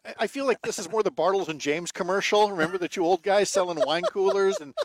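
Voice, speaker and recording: A man's voice: sits high, fast talker. A man, a radio host himself, chatting outdoors by his lakeside home with wry jokes. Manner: wry, joking banter. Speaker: radio show host as guest. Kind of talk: casual chat.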